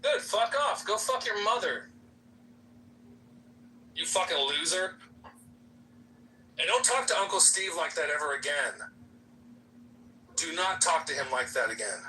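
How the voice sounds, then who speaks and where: A man with a high, very bright and hard-edged voice, swooping widely in pitch as he hurls profane insults. He sounds set back from the mic, with faint noise behind him in a voice-chat room. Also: expressive, unhurried, pauses often, recorded from a distance, poor audio. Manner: aggressive, profane, yelling insults. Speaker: room participant. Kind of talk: heated voice-chat argument.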